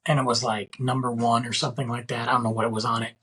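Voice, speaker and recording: A man's voice: mid-range voice, level tone, quick pace, hardly any pauses, fairly bright tone, slightly rough, rough recording. A middle-aged man hosting a casual solo podcast, telling a story in a rambling way with lots of fillers. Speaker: podcast host.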